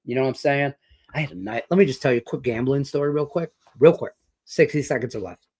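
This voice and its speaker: A husky, somewhat mellow, medium-pitched man talks fast as host of a sports betting show. Middle-aged and from Detroit, he chats casually about picks and rambles through a profane story full of fillers.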